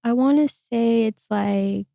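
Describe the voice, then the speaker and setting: Young woman podcast host, kinda high voice, dry close sound, supportive and chatty. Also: slow pace, creaky, no room sound. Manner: warm, encouraging, many "um" and "like". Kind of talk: casual interview chat.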